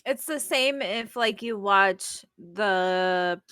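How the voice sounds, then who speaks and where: A woman's voice: mid-range voice, drawn-out words, bright, forceful tone, smooth, no room sound, clean studio sound. A woman co-hosting a casual chat, mostly giving short reactions and asides.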